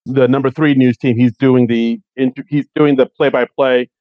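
A man's voice: mid-range voice, steady tone, normal speed, no room sound, muffled recording. A man co-hosting a casual podcast, recapping a comedy movie in a laid-back, wry way and laughing often. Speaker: podcast co-host.

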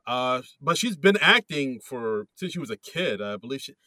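A man co-hosting a casual podcast, chatty and quick to laugh, with many hesitant fillers. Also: medium pitch, big pitch swings, pushed and bright, no room sound. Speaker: podcast co-host. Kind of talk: casual chat.

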